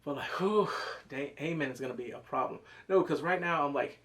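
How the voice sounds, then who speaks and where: A man reviewing a TV episode in a casual, animated way, swearing freely and acting out scenes with quick put-on voices. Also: a little high. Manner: swears casually, slangy and emotional. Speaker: TV show reviewer.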